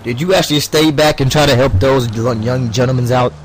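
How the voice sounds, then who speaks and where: A man's voice: medium pitch, brisk, a little hiss or hum. A man hosting a gaming video, bantering crudely with a friend and laughing a lot while he plays. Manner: crude teasing, laughs often. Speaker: gaming channel host. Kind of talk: casual let's-play banter.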